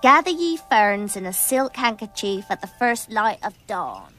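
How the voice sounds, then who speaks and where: A woman's voice: medium pitch, lively intonation, a little slow, fairly bright tone, soft background music. A woman voicing a dreamy, romantic young witch in a cartoon, a little flustered. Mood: wistful. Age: young adult. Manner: flustered, wistful. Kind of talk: animated cartoon voice acting.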